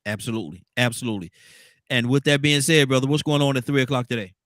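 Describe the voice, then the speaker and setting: A man's voice: mid-range voice, fast, a bit bright, no room sound, clean studio sound. A man hosting a radio talk show, laid-back and teasing, often repeating himself. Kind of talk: casual radio panel chat.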